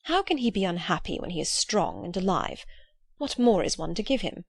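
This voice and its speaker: A woman's voice: on the low side, sing-song, normal speed, vocal fry, husky, no echo, heavily acted. A woman voicing a polite, flustered young woman with a prim, eager way of talking. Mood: earnest.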